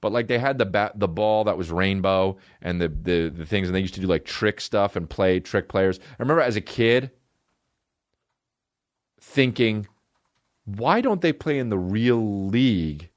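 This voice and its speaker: A man hosting a comedy podcast, riffing alone in a profane, rambling, animated way. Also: sits low, moderate pace, dry recording, studio quality.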